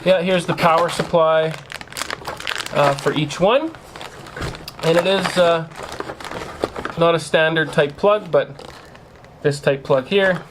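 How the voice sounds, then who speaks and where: A home theater channel host with a fairly high voice speaks slowly and pauses often, chatting casually to viewers as "guys" and teasing what's ahead. He records on a camera mic in his home theater room, and the background is noisy.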